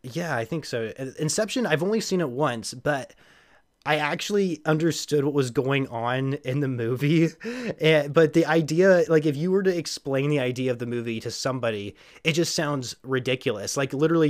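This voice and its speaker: A man's voice: mid-range voice, brisk. Laid-back man rambling on a podcast. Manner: rambling, laughs often, many restarts. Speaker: podcast host. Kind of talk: casual podcast chat.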